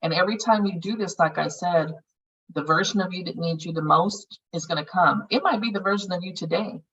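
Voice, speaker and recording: Bright-voiced, frank woman facilitator. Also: lowish voice, brisk, breathy edge, recorded from a distance, muffled recording. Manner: frank and earthy, swears casually. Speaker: healing circle facilitator. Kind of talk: casual group guidance on meditation.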